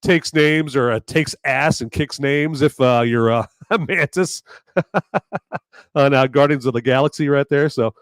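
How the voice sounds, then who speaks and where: A hoarse man hosts a live show, rambling along and cracking jokes. His pitch sits at an ordinary middle height. The sound is dry and close, with no room around it. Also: unhurried, no echo. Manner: rambling and jokey. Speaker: podcast host. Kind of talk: live casual chat.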